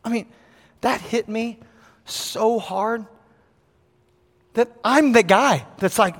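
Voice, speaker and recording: A man preaching a sermon as pastor, acting out quotes with animation and building to shouts. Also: very high voice, slow, long pauses, in a large hall.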